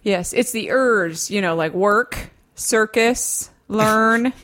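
A woman's voice: medium pitch, slow, fairly bright tone. A woman co-hosting a podcast in casual chat, bossy and nagging with her partner. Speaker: podcast co-host.

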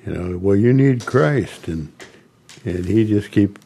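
An older man tells stories at a slow, unhurried pace. His voice is low and mellow. He talks haltingly, with frequent restarts and soft chuckles. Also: lively intonation, vocal fry, husky. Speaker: interviewee recounting ministry. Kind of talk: storytelling interview.

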